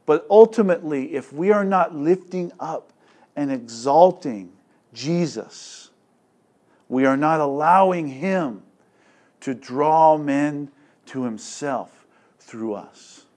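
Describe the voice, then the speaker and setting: Slow, deliberate male preacher. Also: on the high side. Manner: slow and deliberate, with loud emphatic swells; conversational, with casual asides. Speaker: pastor. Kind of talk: expository sermon.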